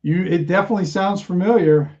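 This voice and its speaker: A man's voice: high-pitched, fast, darkish tone, lo-fi sound. A man narrating as game master of a tabletop game, teasing the player. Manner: teasing, laughs easily.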